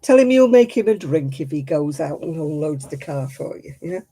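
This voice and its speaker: Woman, husky mellow voice, lively pitch, casual livestream chat, self-mocking. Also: moderate pace. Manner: chatty, self-mocking, laughs often. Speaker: craft livestream host. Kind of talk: casual live-stream chat answering viewers.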